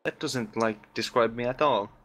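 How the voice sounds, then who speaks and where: A man's voice: medium pitch, moderate pace, fairly bright tone. A man joking crudely with friends on a game stream. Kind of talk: casual chat with friends.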